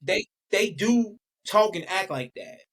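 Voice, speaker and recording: A man co-hosting a podcast, chatting casually and animatedly with quick asides. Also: sits high, lively intonation, fairly bright tone. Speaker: podcast co-host. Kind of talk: casual chat.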